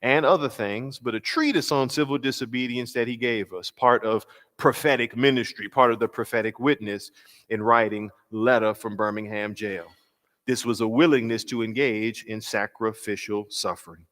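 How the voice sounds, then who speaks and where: A man pastor giving a workshop lecture in a mid-range voice. He is measured and emphatic, slowing down on key phrases and posing rhetorical questions. The voice rings with a long hall reverb. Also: mid-range voice, fairly even intonation, fairly bright tone.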